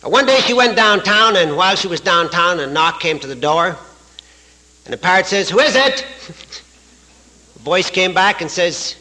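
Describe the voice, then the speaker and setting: In an archival live recording with rough sound, a Canadian AA speaker gives a folksy, joke-filled talk at a recovery retreat, chuckling at his own stories. His voice sits high, and he speaks at a measured pace with frequent pauses and a sharp tone.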